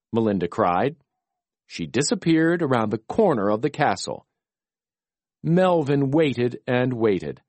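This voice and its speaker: A man narrating a children's storybook in a gentle, expressive reading voice. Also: medium pitch, dry recording.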